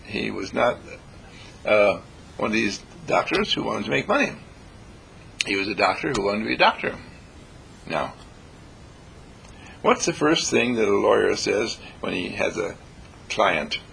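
A man giving a spiritual lecture in an animated way, acting out everyday examples and chanting sounds. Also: fairly low pitch, measured pace, creaky, pauses often, slight background noise.

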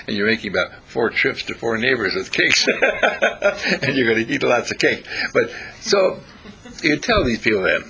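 Brief: male storyteller, very husky voice, bright and forceful, swings all over his pitch while acting out quotes. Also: very animated, a little slow. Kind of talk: casual advice monologue.

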